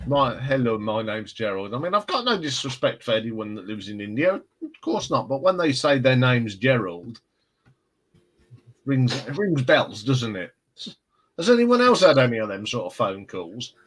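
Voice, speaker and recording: A man's voice: mid-range voice, very animated, moderate pace, fairly bright tone, breathy edge, low-quality recording. A man hosting a casual live stream, chatting and telling rambling stories. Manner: rambling, chatty storyteller with restarts. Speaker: livestream host.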